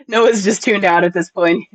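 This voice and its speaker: A streamer talks casually with viewers in a playful, chatty way and laughs often. The voice sits at a middle pitch. It is recorded close and dry, with no room sound. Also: normal speed, fairly bright tone, no echo.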